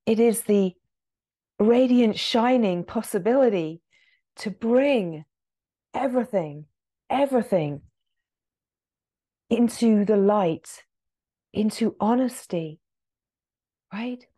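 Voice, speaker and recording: A woman spiritual teacher giving a gentle satsang talk, acting out inner voices in quotes. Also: mid-range voice, lively intonation, slow pace, long pauses.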